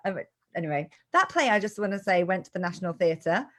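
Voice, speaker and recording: A woman's voice: lowish voice, big pitch swings, fast. An upbeat, self-deprecating woman hosting a live-streamed interview over a video call from an office. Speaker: host. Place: farm office indoors.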